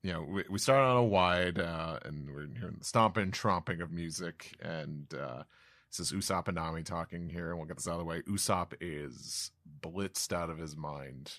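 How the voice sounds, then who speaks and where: A man's voice: deep voice, moderate pace, a bit bright, no room sound. A man hosting a podcast, casually narrating comic panels with fillers and frequent laughter. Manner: laid-back, fillers, laughing, does voices. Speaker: podcast host. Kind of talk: casual chat, reading comic panels aloud.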